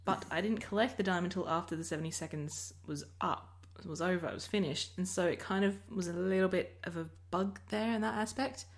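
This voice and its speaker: A woman's voice: on the low side, fairly quick, few pauses. An Australian woman giving casual commentary over her recorded gameplay, rambling and often breaking off mid-sentence. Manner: rambling, self-interrupting, chatty. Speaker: Minecraft let's player.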